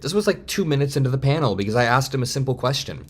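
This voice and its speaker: A man in his twenties giving heated, fast political commentary straight to camera. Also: mid-range voice, lively intonation, a bit bright. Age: 20s. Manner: heated, fast, worked-up ranting.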